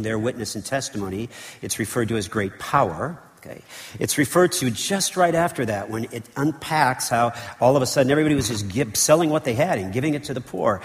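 Pastor preaching in a reverberant church. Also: male voice, medium pitch. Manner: animated, conversational preaching with frequent "okay" and "right". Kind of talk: sermon. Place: church sanctuary.

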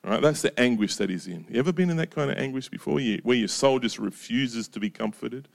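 A male pastor delivers his sermon in a relaxed, chatty way, often stopping to ask his listeners questions. His voice sits at an ordinary male pitch and drops soft and low whenever he reads scripture or pauses to reflect. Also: creaky. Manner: conversational, with frequent rhetorical questions ("right?").

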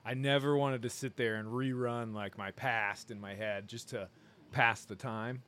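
A man's voice: medium pitch, fairly even intonation, a little slow, fairly bright tone. A man hosting a podcast in casual conversation, easygoing and thoughtful, with an occasional joke. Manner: easygoing, thoughtful, jokes now and then. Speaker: podcast host, sailor.

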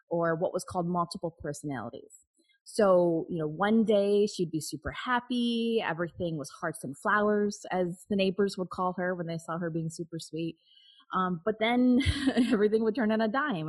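A woman's voice: on the low side, rough recording. A woman guest telling a personal story in an interview, candid and open, laughing now and then. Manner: candid, with frequent restarts and nervous laughs.

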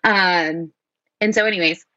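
A woman tells a personal story in an easy conversational way, with lots of fillers. She gets animated and acts out what people said, laughing often. The recording is a little dull and dry, with no room sound. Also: fairly low pitch, measured pace, no room sound. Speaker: guest telling her story.

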